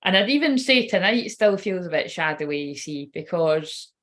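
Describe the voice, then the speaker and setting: Woman, card reader, rambling casual chat, slightly low voice, swears offhand. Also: expressive, moderate pace, fairly bright tone. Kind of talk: casual livestream card reading.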